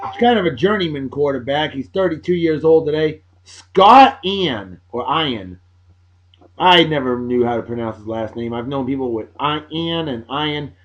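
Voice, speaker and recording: A man's voice: fairly high pitch, brisk, hardly any pauses, highs cut off. A man hosting a casual beer and music vlog, talking in a boisterous, crude, showman-like way. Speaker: host.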